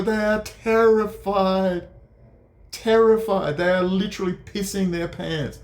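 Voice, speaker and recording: A man's voice: steady tone, slow pace. Sarcastic, profane ranting man. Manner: sarcastic, profane, swings from low mutters to high mocking outbursts. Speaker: commentator. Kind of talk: ranting political commentary. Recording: echoey room.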